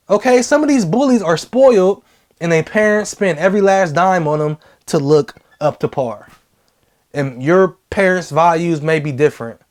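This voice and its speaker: A man's voice: high-pitched, darkish tone. A young adult man giving blunt, slangy advice in a casual vlog, repeating key phrases for emphasis.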